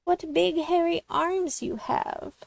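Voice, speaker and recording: A woman voicing a young girl in a storybook read-aloud, speaking softly and carefully. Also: extremely high pitch, takes it slowly, gravelly, dry recording, pitched above the performer's own voice, full character voice. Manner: soft and careful.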